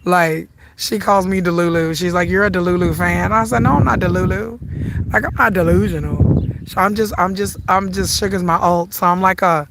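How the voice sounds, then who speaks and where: A middle-aged woman with a Southern US accent, congested and hoarse from the flu, chatting and rambling as she walks and livestreams in a park. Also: on the low side, fairly even intonation, normal speed, background noise. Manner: chatty, rambling, laughs often. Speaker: vlogger. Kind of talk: casual livestream chat while walking. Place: outdoors at a lake park.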